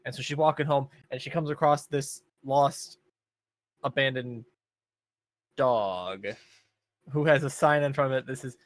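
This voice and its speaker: A man's voice: medium pitch, normal speed, fairly bright tone. Laid-back young man recapping a show. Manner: laid-back, rambling recap with many fillers. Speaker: podcast co-host. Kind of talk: casual chat.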